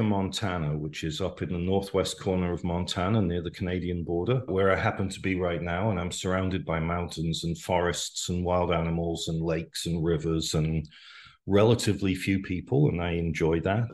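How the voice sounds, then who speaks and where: A man around sixty, a podcast guest giving his opinions in a deliberate, emphatic way. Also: sits low, steady tone, a little mellow. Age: 60s. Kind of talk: casual podcast conversation.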